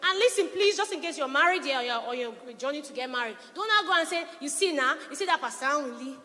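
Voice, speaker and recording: A middle-aged woman pastor preaching a sermon, telling lively stories and acting out her husband's words. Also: sits high, fast talker. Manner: animated storytelling, quotes her husband. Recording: long reverberant hall.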